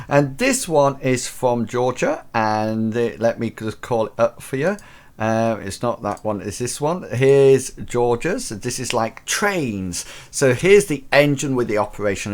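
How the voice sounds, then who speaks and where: A man hosting a casual live show, chatting enthusiastically with many fillers and restarts. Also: mid-range voice. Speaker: host of a teacher-training live show.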